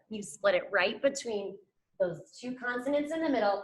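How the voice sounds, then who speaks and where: A woman's voice: on the high side, expressive, normal speed. A young adult woman teacher giving a phonics lesson to children, upbeat and encouraging, talking to them as friends. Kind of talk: scripted classroom lesson to camera.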